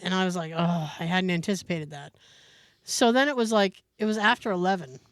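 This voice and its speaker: Talking briskly in a fairly low voice, a woman co-hosts a podcast and tells an animated anecdote in casual conversation, acting out the quoted speech of others. The recording is studio quality with no room sound.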